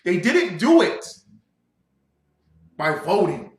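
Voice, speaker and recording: High, lively, emphatic male preacher. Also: slow. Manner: emphatic, builds to shouting, speaks to the audience. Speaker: religious teacher. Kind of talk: livestreamed sermon. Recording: roomy echo.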